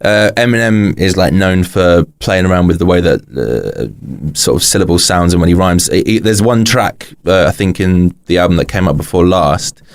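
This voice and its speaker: Deep low british guy on a podcast, rambly, lots of ums and likes. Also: normal speed, hardly any pauses. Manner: rambling, filler-heavy explanations. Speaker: podcast guest, rapper and author. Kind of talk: casual podcast chat.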